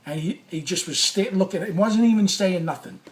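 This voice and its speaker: A man telling a personal story in a casual, animated way, swearing often and acting out what he said. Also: high-pitched, brisk. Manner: animated, profane, reenacts his own quotes. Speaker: former sports radio caller.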